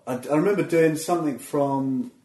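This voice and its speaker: A man's voice: fairly high pitch, normal speed, warm tone. A man, chatting as a comedian guest in a loose, self-deprecating way, often restarting his sentences. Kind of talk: casual interview chat. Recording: roomy echo.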